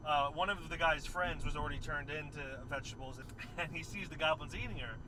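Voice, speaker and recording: A man's voice: a little high, brisk, background noise. A man co-hosting a movie review show, telling a story in casual chat and acting out the scenes with animation.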